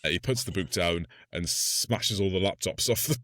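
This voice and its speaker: Low-voiced man recapping a movie, laughing. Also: normal speed, no room sound. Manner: laughing, animated retelling with acted-out quotes. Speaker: podcast co-host. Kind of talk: casual chat recapping a film.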